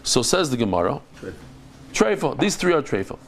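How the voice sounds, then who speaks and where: A man teaching a daily Talmud class as a rabbi, explaining in an animated, dramatic way with quick restarts. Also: mid-range voice, vocal fry. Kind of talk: lively Talmud lecture to a live group.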